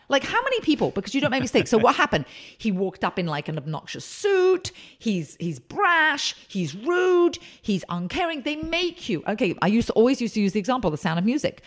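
A woman consultant and speaker, telling emphatic, animated stories as a guest in a podcast interview. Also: on the high side, a little fast, hardly any pauses.

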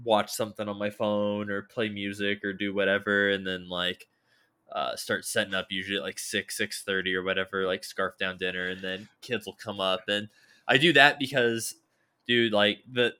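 A man's voice: lowish voice, level tone, normal speed, bright, forceful tone, clean tone. A man chatting casually with friends on a podcast, telling stories in a rambling way full of fillers and swearing. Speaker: podcast co-host. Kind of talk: casual chat.

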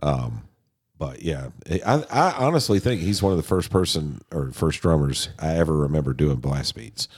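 A man's voice: very deep voice, animated, moderate pace, a little mellow, breathy edge. A middle-aged man co-hosting a podcast, rambling enthusiastically and swearing about metal drummers. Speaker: podcast co-host. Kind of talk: casual album-review chat.

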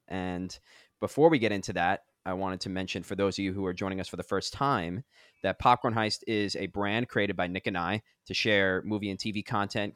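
Young male podcast co-host, very low voice, dry close mic, rambling and enthusiastic. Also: fairly bright tone, no room sound. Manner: rambling, enthusiastic, many fillers. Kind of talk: casual podcast chat.

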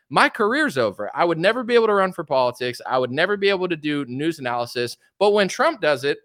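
A man's voice: on the high side, dry recording, clean studio sound. A young man giving political commentary on a livestream, ranting with sarcasm and mockery. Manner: sarcastic, mocking, animated ranting.

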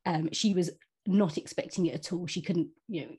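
Woman book podcast cohost, low husky voice, rambling restarts. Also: fairly quick, dark tone. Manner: hesitant, lots of restarts. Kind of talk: casual book discussion.

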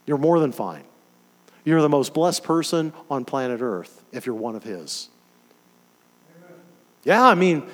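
A man delivering a sermon in a fairly high voice that swings widely in pitch. He preaches with emphatic, animated conviction and keeps asking his congregation questions. The sound carries a long hall reverb.

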